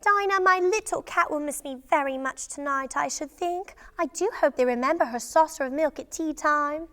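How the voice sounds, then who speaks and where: A woman voicing a shy, curious young girl from a storybook, speaking softly and politely. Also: high-pitched, normal speed, pitched above the performer's own voice. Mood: wistful. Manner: soft, wondering and polite.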